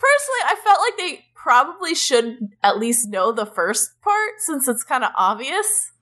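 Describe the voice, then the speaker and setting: A woman's voice: high voice, normal speed. A young adult woman co-hosting a podcast, recapping casually with lots of "like", sarcastic asides and swearing. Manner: animated, frequent "like", sarcastic swearing. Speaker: podcast co-host.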